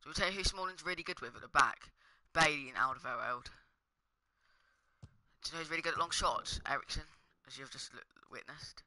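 A man's voice: on the high side, fairly quick, pushed and bright, dry recording. A young man commenting casually on his own gameplay, swearing and muttering under his breath. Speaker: gaming streamer.

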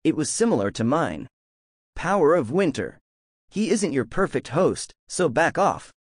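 A man's voice: a little high, sing-song, measured pace, no echo. A defiant young god, played by a man for a fan audiobook, with a raised, strained voice. He talks back through pain. The sound is dry and close. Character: young defiant god son, wounded and proud.

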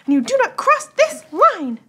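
A woman voicing Skyberry, a small, bossy female pixie leader who speaks in a high, piping voice. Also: very animated, normal speed, pushed and bright, full character voice. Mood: commanding.

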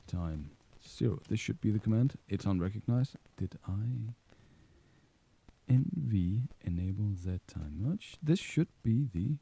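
A man walks through a video game tutorial in a rambling, playful way, often catching and correcting himself. His voice is low and very dark, yet it swings with a lot of life. The recording is dry and close. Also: no echo. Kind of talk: casual screen-recorded tutorial.

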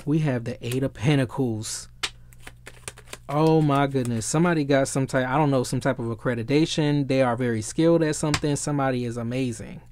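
A man giving a casual tarot reading who gets excitable, swears freely and often searches for the right word. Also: mid-range voice, a little fast, slight background noise. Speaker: tarot reader.

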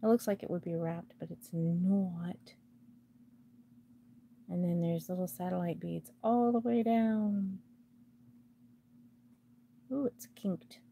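A woman's voice: fairly low pitch, fairly even intonation, takes it slowly, gravelly, long pauses, warm tone, slight background noise. A woman hosting a casual live jewelry sale, chatting to the pieces as she unpacks them and laughing often. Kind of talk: casual live-stream chat while unboxing.

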